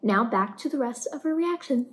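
A woman's voice: a little high, lively intonation, moderate pace. A woman hosting a reaction channel, enthusiastically reading a snack-box sponsorship with bubbly praise. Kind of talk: sponsor read, then reacting to anime.

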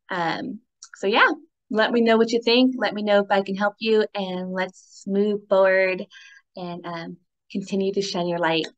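A woman's voice: medium pitch, dull audio. A woman hosting a spiritual healing talk, speaking casually and affectionately to her listeners, laughing often and squealing when retelling happy moments. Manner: affectionate sign-offs and encouraging asides. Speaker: spiritual healing podcast host.

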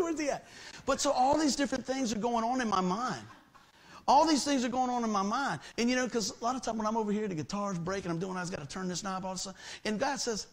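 A man's voice: sits high, fast talker. A middle-aged man preaching a sermon in a church as pastor, telling stories with humor and acting out the voices in them. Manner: folksy storytelling, acts out quoted voices, jokes with congregation.

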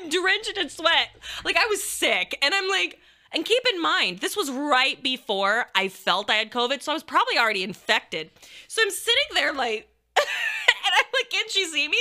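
A young woman tells a crude, embarrassing story to her stream viewers, laughing as she goes. Her voice sits high and swoops widely. It sounds bright and sharp. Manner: animated, laughing, crude and self-mocking. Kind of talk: casual storytelling to chat.

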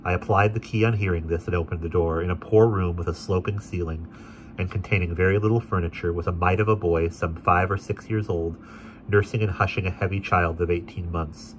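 A man narrating a classic novel aloud in a steady, expressive way. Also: low voice, fairly quick, a little hiss or hum. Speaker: audiobook reader.

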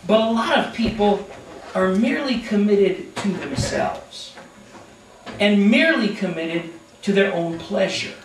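High-pitched pastor guy preaching, lively, echoey room w faint hum. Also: recorded from a distance. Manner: animated, acts out characters in quick asides. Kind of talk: sermon. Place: church sanctuary.

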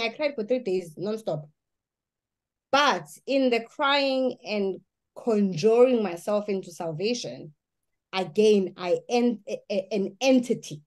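A woman's voice: mid-range voice, lively intonation, slow, darkish tone. A woman giving an earnest personal testimony, speaking emphatically and often restarting her sentences.

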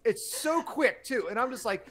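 A middle-aged man hosting a casual live-stream chat, rambling and excitable, with many restarts and some swearing. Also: very high-pitched, moderate pace, slight background noise.

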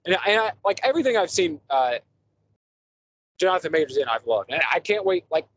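A man's voice: high-pitched, very animated, fairly quick, fairly bright tone, dry recording, lo-fi sound. A man hosting a casual podcast movie review, rambling enthusiastically with lots of fillers and restarts. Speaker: podcast host.

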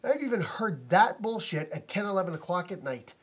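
Indoors at home, a vlogger rants angrily to camera about a noisy neighbor, indignant, repetitive and swearing often, captured on a phone or camera mic. His high-sitting voice is sing-song, fairly quick and slightly rough.

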